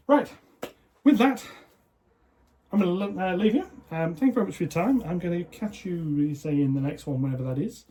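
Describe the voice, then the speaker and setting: A man's voice: on the high side, dark tone. A man casually narrating his model railway build as a hobby vlogger, chatty and self-deprecating with plenty of fillers.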